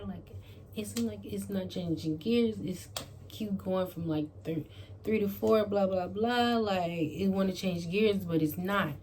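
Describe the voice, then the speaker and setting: A woman vlogger tells a casual storytime. She is animated, with plenty of "like" and swearing. A faint hum of noise sits behind her in a home bedroom. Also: lowish voice, normal speed.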